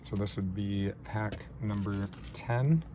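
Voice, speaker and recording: A man hosting a casual card-opening vlog, talking in a slow, low-key way and getting shaky and overwhelmed with excitement. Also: heavy background noise. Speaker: card-breaking channel host.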